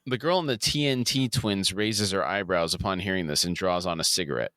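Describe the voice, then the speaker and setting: A man's voice: low voice, fairly quick, fairly bright tone, no room sound, clean studio sound. A man co-hosting a podcast, reading out scene descriptions in an episode recap. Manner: reads scene descriptions aloud. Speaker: podcast co-host.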